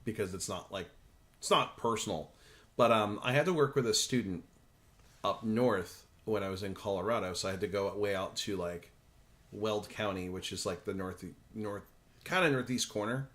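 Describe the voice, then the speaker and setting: A man in his thirties hosting a casual livestream, chatting and reading viewer comments in a talkative, self-interrupting way with quick laughs. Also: fairly low pitch, fairly bright tone. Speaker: livestream host.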